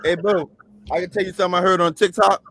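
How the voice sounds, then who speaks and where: Guy rattling off a joke real fast, slightly high voice, dry close sound. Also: fairly even intonation, over a noisy crowd. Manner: joking, quick storytelling. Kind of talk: casual livestream chat.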